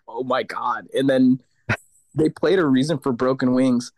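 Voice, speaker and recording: A male guest vocalist tells stories animatedly in a casual interview, mimicking other people's voices and swearing casually. His voice is medium-pitched and darkish at a normal speed, with no room sound.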